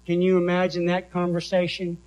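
A man with a New England accent, preaching a sermon and reading scripture verses slowly and deliberately. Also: high-pitched, monotone, a little mellow, poor audio. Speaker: pastor.

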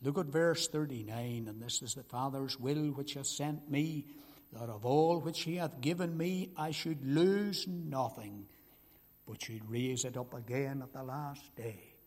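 A man's voice: medium pitch, measured pace, a little mellow. An older man preaching an evangelistic sermon, emphatic and pleading, repeating his key phrases. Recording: long hall reverb.

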